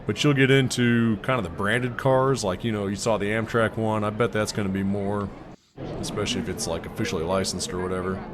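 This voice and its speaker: A man narrating his own vlog in a casual, rambling way, thinking out loud with fillers and little chuckles. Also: lowish voice, fairly even intonation, a little fast, noisy background. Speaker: vlogger. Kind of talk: casual voice-over commentary.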